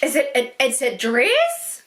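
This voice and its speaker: Young woman vlogger, super excitable and sweary, opening gifts, bright sharp voice. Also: high-pitched, takes it slowly. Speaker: YouTuber. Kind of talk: unboxing vlog chat.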